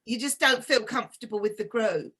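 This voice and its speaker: A woman from East London with a softened English accent, chatting casually as a co-host and telling stories. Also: a little high, fairly quick, slightly rough. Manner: chatty storyteller, animated. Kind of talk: casual chat.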